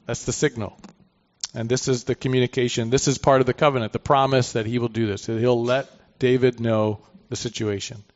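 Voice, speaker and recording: A man's voice: mid-range voice, flat delivery, a little fast. Man teaching scripture, dull lo-fi sound. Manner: conversational, reads scripture aloud then comments with asides. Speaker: Bible teacher. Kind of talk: expository Bible teaching. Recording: dull lo-fi recording.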